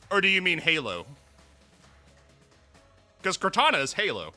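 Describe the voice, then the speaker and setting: A man streaming live, reacting to a game, excitable and breathless from laughing hard, swearing often. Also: sits high, normal speed, pauses often. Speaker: VTuber streamer. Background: faint background music.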